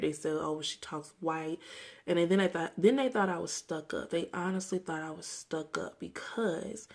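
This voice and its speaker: A vlogger in her twenties from Mississippi, USA, talks to the camera in a personal rant, her voice on the low side, creaky and a little mellow. She comes across earnest and reflective, candidly revisiting memories.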